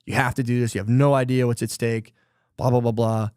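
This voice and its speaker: A man's voice: medium pitch, fairly even intonation, fairly quick, darkish tone, clean tone, no echo, clean studio sound. A man co-hosting a podcast, casually retelling a book's plot in a rambling, profane way full of fillers and quoted lines. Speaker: podcast co-host.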